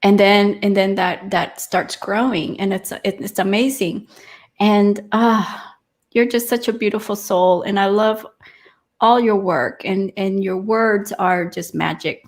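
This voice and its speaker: A woman's voice: mid-range voice, fairly even intonation, unhurried. Chatty woman hosting a live talk show. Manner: chatty and effusive. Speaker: host.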